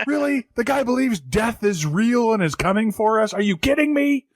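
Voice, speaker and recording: A man's voice: very high-pitched, animated, moderate pace, gravelly, a little hiss or hum, voice pushed up, full character voice. A man voicing a furious veteran male TV newscaster who rants and swears in indignation. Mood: exasperated.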